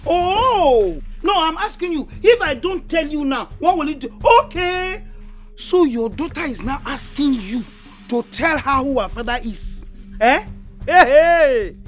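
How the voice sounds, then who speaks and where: An actress playing a scornful, sharp-tongued first wife in a Nigerian film, mocking her rival; Nigerian accent. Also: high voice, expressive, a little slow, faint music behind. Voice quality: mocking, taunting. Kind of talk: Nollywood film acting.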